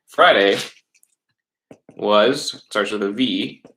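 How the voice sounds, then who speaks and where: Male teacher, lowish voice, patient webcam lesson delivery with frequent check-ins. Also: bright, forceful tone, rough recording. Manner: patient, repeats words slowly, fillers and checks like "right?". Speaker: middle school Spanish teacher. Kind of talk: recorded online class lesson.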